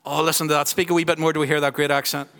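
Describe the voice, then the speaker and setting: Pastor, man, high voice, quizzing kids into a handheld mic, long church reverb. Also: level tone, rapid-fire, vocal fry. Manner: warm, teasing, quizzes children. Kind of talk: children's talk in a church service. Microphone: handheld microphone passed around.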